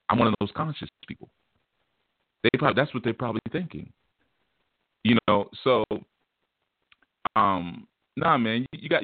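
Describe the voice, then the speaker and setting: A man hosting an online radio talk show, talking in an animated, emphatic way and repeating words as he starts his thoughts. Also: mid-range voice, dry recording. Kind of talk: casual talk show monologue. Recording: dry, tinny phone line.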